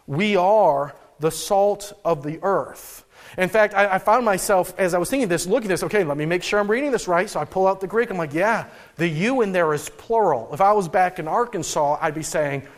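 A man pastor preaching a conversational sermon in a church in New England, telling stories with frequent restarts. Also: high voice. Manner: casual and storytelling, with frequent restarts.

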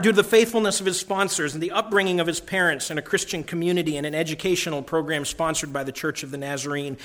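A man preaching a sermon to his congregation, emphatic, repeating key phrases and swinging from loud declarations to hushed lines. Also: fairly high pitch. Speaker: pastor.

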